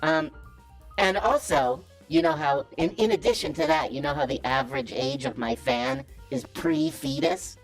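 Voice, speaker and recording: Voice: wildly swooping pitch, moderate pace, creaky, soft background music, full character voice. A caller doing a comedic impression of a boastful self-styled male business guru, cocky and evasive. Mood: smug. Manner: cocky, evasive and defensive, pitch swinging wildly. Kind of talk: comedic impression on a call-in show.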